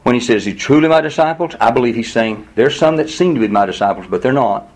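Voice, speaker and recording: A man at mid pitch leads a Bible class. He reads a verse, then talks it through with the group in an easy, conversational manner. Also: animated, fast, rough recording. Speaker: pastor teaching a Bible study. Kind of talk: expository Bible teaching.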